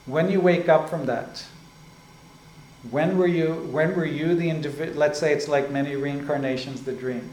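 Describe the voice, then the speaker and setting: A man giving a spiritual discourse as a teacher. He explains slowly and often checks in with "right?" and "like this". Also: fairly high pitch, steady tone, darkish tone. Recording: echoey room with faint ambient noise.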